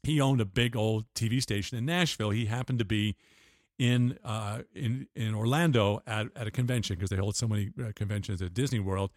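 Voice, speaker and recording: A man's voice: on the low side, fairly quick, dry recording, studio quality. Older man telling rambling anecdotes. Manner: rambling anecdotes with restarts and laughs. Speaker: interview guest. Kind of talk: casual storytelling interview.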